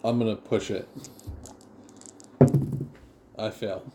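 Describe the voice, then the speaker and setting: A man's voice: on the low side, fairly even intonation, fairly quick. A man playing a tabletop game, joking and pushy in his banter with the table. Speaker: player. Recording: roomy with faint noise.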